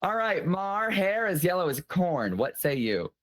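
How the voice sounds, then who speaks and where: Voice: medium pitch, sing-song, a little slow. A game show host with a campy, teasing manner, sounding tired. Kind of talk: casual comedic game hosting.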